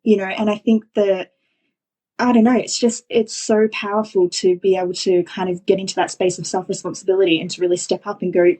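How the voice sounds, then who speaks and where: Woman podcast host, breathy voice, warmly affirming, chatty and full of fillers. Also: mid-range voice, flat delivery, a little fast. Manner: enthusiastic, affirming, many fillers like "you know". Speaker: podcast host, business coach. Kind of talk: casual podcast conversation.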